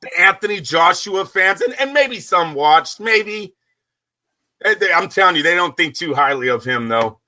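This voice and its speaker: A man co-hosting a boxing radio talk show, ranting loudly and swearing often in heated sports talk. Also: high voice, animated, normal speed, dull audio. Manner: loud, profane, ranting.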